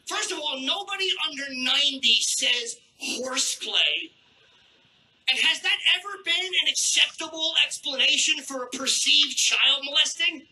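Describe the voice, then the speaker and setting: A man doing a crude stand-up routine on a theater stage with a handheld mic, brash and mock-outraged, troubled by his throat and clearing it. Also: very high-pitched, expressive, unhurried, pushed and bright, rough recording. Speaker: stand-up comedian. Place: theater stage before a live audience.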